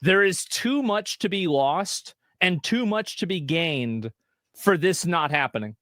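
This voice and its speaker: A man's voice: sits high, animated, a little slow, fairly bright tone, no echo. Streamer clip, man, blunt, self-assured, close dry sound. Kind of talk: casual streaming talk.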